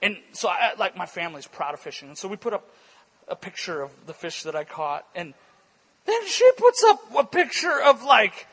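A man with a high, bright voice preaches to a conference crowd. His tone is a little husky, and he tells animated stories, acting out what people said and laughing along. He sounds sharp and forceful, never flat. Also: moderate pace. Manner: animated storytelling, acts out quotes, laughs often. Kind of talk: energetic conference sermon with stories. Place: church conference hall.

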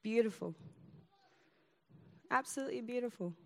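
A woman's voice: fairly high pitch, normal speed, a little mellow. A woman pastor preaching a sermon, telling a personal story in an emphatic way. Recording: long hall reverb.

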